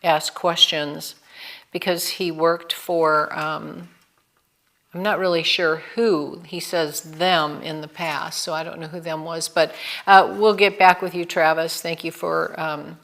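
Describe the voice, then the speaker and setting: A woman hosts an online video call in a slow, unhurried manner. Her voice sits a bit low, and she speaks with friendly, measured care. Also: steady tone, creaky, a bit bright. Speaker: host.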